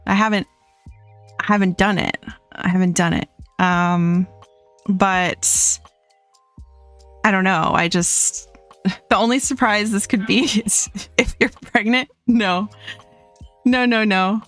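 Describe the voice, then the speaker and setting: A woman's voice: medium pitch, steady tone, slow pace, long pauses, a bit bright, soft background music. A young adult woman streaming from home, chatting casually, reading chat aloud and laughing often.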